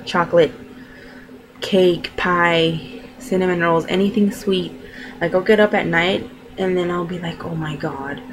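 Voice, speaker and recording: A woman's voice: lowish voice, slight background noise, poor audio. A young woman chatting casually in her video diary, rambling and full of fillers. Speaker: vlogger. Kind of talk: casual chat.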